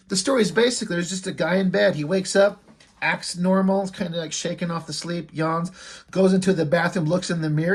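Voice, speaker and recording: A man's voice: on the high side, slightly rough. A man casually recapping a comic book, loose and rambling, full of asides and fillers. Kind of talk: casual commentary.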